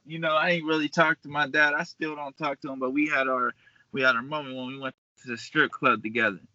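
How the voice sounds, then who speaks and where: A man from Pittsburgh, a hip-hop artist guest, telling animated, profane stories in a casual podcast chat and laughing often. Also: medium pitch, quick pace, dry recording. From Pittsburgh, Pennsylvania. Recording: dull, dry lo-fi recording.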